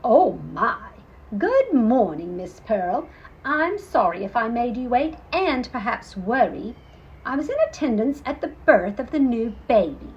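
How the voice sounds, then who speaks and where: A woman's voice: fairly high pitch, big pitch swings, a little slow, a little mellow, muffled recording. A woman doing a nervous English animal record keeper. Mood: flustered. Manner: polite, breathless, formal.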